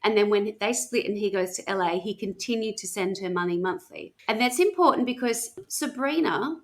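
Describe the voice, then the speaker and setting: A woman's voice: medium pitch, moderate pace. A woman co-hosting a casual true-crime podcast chat, telling the story in a chatty, self-mocking way. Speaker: podcast co-host.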